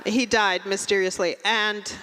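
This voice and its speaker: Brief: dry, deadpan stand-up woman, bright voice, long reverb of a live venue. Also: mid-range voice, a little slow, slight background noise. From Russia. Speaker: stand-up comedian. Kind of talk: stand-up comedy set.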